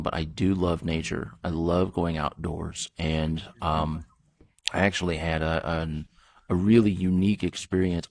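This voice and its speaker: A man in his thirties hosting a casual podcast chat, an animated storyteller who laughs often and acts out the people in his stories. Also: sits low. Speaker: podcast host. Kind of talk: casual conversation.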